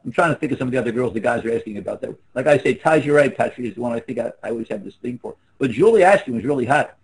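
Husky fast-talking man in his seventies. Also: mid-range voice, lively intonation, rough recording. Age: 70s. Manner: rambling, anecdote-heavy, trails off. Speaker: interview guest. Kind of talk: casual storytelling on a video call. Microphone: video call.

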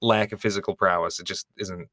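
Bright-voiced joking man co-host. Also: deep voice, brisk, dry recording. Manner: animated, joking, swears freely. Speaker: podcast co-host. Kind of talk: casual chat recapping a TV show.

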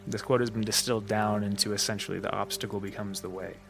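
A man's voice: on the low side, little pitch movement, quick pace, gravelly, over music. A man hosting a solo podcast, thinking aloud with fillers and restarts, his breath slightly shaky and short. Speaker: podcast host. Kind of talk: unscripted solo podcast talk.

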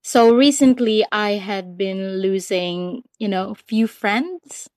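A Filipino woman in her twenties with a slight British tinge, calling in to a podcast, talking quickly with many ums and likes. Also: mid-range voice, a little mellow, dry recording. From Philippines. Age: 20s. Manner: quick, hesitant, many fillers. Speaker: caller. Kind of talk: casual call-in chat.

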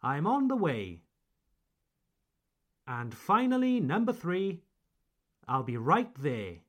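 A man hosts a podcast language lesson, drawing out each example phrase slowly and clearly. His delivery is unhurried, and his pitch rises and falls a great deal. His voice sits slightly higher than most men's. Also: sing-song. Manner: slow, clear, drawn-out modeling of example phrases. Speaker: English teacher and podcast host.

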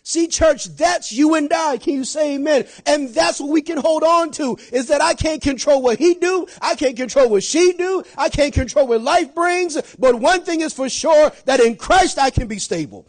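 Animated high-voiced male preacher. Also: moderate pace, few pauses. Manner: animated, swings from shouting to low asides, laughs often. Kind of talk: sermon.

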